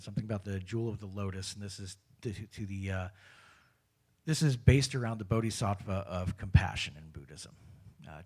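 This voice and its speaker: A man guiding a spiritual community through a mantra and hand gesture in a relaxed, casual way, with frequent hesitations and restarts. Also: on the low side. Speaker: meditation leader. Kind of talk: guided meditation instruction. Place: spiritual community service, live-streamed.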